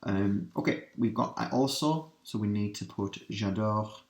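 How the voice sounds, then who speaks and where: A man teaching a revision lesson, working through translations step by step and asking his students quick questions. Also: on the low side. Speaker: language teacher. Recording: roomy echo.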